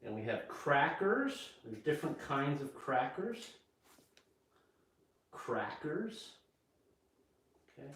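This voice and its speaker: A man teaching English at home, speaking slowly and plainly and checking in with "okay?" after nearly every phrase. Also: medium pitch, very animated, a bit bright, a little hiss or hum. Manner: slow and repetitive, checks in with "okay?". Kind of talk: slow spoken English lesson. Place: home kitchen. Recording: echoey room, mic far off.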